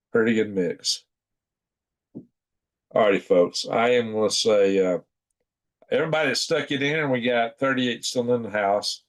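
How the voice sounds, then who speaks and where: A sleepy man, hosting a casual late-night livestream, chuckling and reading chat aloud in a folksy drawl. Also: fairly low pitch. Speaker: livestream host.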